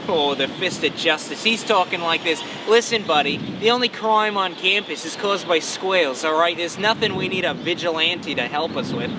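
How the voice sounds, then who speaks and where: A young man playing a bumbling, deadpan nature show host. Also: on the high side, moderate pace, hardly any pauses, close to an everyday voice. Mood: scornful. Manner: mock-serious, rambling, deadpan. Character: bumbling overconfident male nature documentary host. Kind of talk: comedy sketch, mock documentary. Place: outdoors on a campus. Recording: noisy outdoor recording with traffic.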